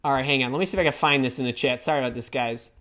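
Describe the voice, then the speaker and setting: A middle-aged man hosting a live career advice stream from home, talking in an excitable, scattered way as he reads the chat. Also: mid-range voice, very fast. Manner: energetic, excitable, scattered while reading chat. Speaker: host.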